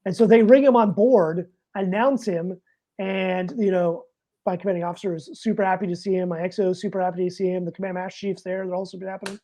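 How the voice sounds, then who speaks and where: A middle-aged man, a retired Navy master chief, telling a story in casual talk, animated and swearing freely. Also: high voice, quick pace.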